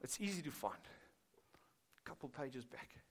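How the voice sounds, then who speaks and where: A man's voice: mid-range voice, sing-song, moderate pace, fairly bright tone, slightly rough. A man preaching a sermon as pastor, chatty and joking, speaking straight to his congregation. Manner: conversational, joking, addresses congregation directly.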